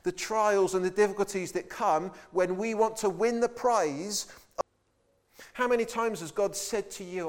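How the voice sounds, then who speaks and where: A man's voice: high-pitched, measured pace. A man preaching a sermon with emphatic delivery, acting out the voices of biblical figures in the quotes.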